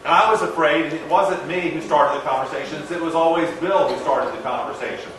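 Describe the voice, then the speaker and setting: A middle-aged man from the American South giving a motivational talk, telling a story in a lively way and acting out the dialogue. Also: a little high, a little fast, a little hiss or hum. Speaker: motivational speaker. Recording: echoey hall, distant mic.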